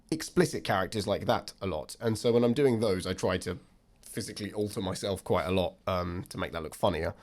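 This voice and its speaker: Low-voiced polite young man, hesitant. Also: darkish tone. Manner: polite, thoughtful, hesitant with many fillers. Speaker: podcast co-host, stand-up comedian. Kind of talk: casual chat.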